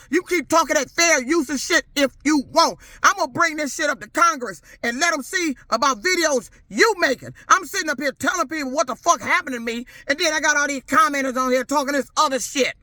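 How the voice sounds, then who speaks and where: A woman's voice: high voice, a little fast, hardly any pauses, bright, forceful tone, no room sound. Furious middle-aged woman ranting. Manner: furious, profane, confrontational. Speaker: vlogger. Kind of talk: angry rant to camera.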